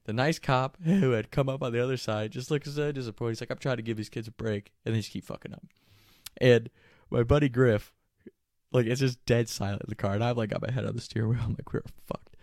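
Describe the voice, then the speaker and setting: Young male storyteller, casual and profane, mid-pitch, dry close mic. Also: fast, dry recording. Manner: animated, profane, laughing while telling.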